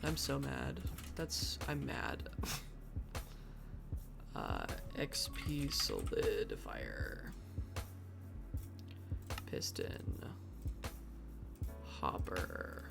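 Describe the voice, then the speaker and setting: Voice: medium pitch, wildly swooping pitch, drawn-out words, vocal fry, long pauses. A streamer doing live gameplay commentary, muttering to themself and grumbling about their own mistakes. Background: background music and keyboard typing.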